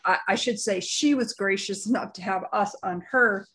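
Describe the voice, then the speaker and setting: A woman's voice: mid-range voice, normal speed, fairly bright tone. A woman co-hosting a podcast, chatting in a gushing, effusive way about upcoming guests. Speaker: podcast co-host. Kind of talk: casual chat.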